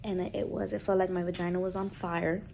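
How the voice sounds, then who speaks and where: A woman's voice: lowish voice, fast talker, vocal fry, slight background noise. A young woman vlogging at home, telling a personal story in casual chat and acting out what others said. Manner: animated, quotes others in playful voices.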